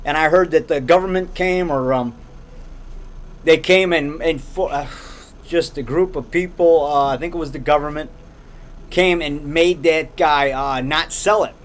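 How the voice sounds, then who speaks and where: Speaking at a measured pace in a fairly high voice, a middle-aged man vlogs from a grocery store while a friend holds the handheld camera. A low-budget filmmaker, he keeps the chat loose and rambling, circling back over points and frequently ending with "man."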